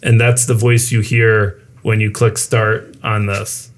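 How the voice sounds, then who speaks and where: A man's voice: lowish voice, flat delivery, slow, slight background noise. A man co-hosting a casual podcast chat, animatedly retelling his own reactions. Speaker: co-host, new media professor.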